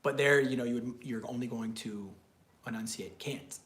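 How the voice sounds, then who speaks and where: Male co-host in a live class, halting questioner, recorded with a roomy echo. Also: mid-range voice, fairly even intonation, fairly bright tone. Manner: asks questions, speaks hesitantly.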